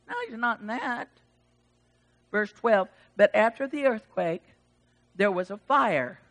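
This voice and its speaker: A woman preaching a sermon, animated, swinging from loud exclamations to hushed asides and acting out the voices of the people in her text. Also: fairly high pitch, unhurried, pauses often. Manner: acts out quoted voices of God and Elijah.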